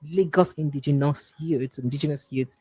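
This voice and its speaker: A woman's voice: sits low, normal speed, warm tone, breathy edge, no echo, poor audio. A woman hosting a political talk show, reading news items and then commenting on them aloud. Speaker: host.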